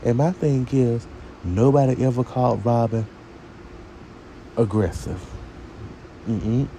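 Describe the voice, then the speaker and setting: Sassy man with a gravelly voice. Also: mid-range voice, takes it slowly, mellow, a little hiss or hum. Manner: sassy, talks straight to viewers. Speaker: TV show reviewer. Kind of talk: casual opinionated rant.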